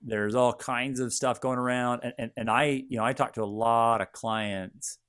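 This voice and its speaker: A man's voice: medium pitch, steady tone, moderate pace, a bit bright, clear, resonant tone. Stammering male financial advisor co-host. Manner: rambling, stammers on starts. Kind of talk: casual chat.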